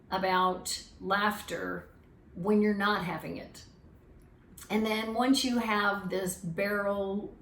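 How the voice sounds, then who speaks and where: A woman's voice: medium pitch, gravelly, slight background noise. A woman giving an earnest, reflective talk on feelings, sometimes restarting her phrases. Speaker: speaker on emotional wellbeing. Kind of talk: casual teaching talk. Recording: roomy, distant mic with faint ambience.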